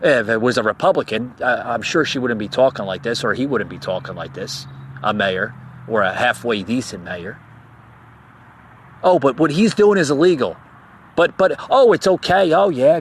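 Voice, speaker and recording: This man hosts a podcast, speaking at a normal speed in a mid-range voice while he fumes about politics. The more worked up he gets, the more he stammers and circles back, with flashes of mocking sarcasm.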